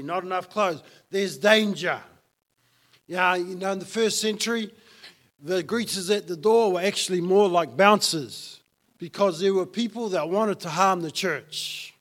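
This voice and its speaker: A man's voice: sits high, fairly bright tone. A man preaching a sermon as pastor, emphatic and fond of repeating key lines for effect.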